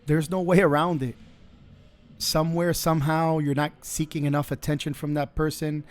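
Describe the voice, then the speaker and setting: Earnest, preachy man, slightly high voice. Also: little pitch movement, moderate pace. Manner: earnest, preachy, faith-based advice; repeats phrases while building a point. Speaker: podcast host. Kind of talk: motivational monologue.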